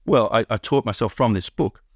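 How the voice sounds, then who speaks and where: A man's voice: fairly low pitch, fairly quick, dry recording, studio quality. A middle-aged Australian man, a guest on an interview show, explaining at length with many restarts and fillers. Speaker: math curriculum founder, guest. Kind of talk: casual interview talk.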